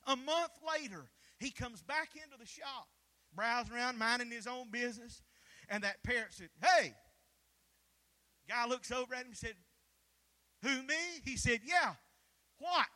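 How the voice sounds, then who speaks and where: Man, pastor, sermon, very high voice, call-and-response, forceful. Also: brisk. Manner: fervent call-and-response preaching, shouts at peaks.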